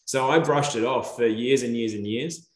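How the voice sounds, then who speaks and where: Aussie bloke yarning on a podcast, acts out what people said, bit of room echo. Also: male voice, medium pitch, moderate pace. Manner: animated storyteller, acts out quoted dialogue. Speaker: podcast guest. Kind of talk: casual chat.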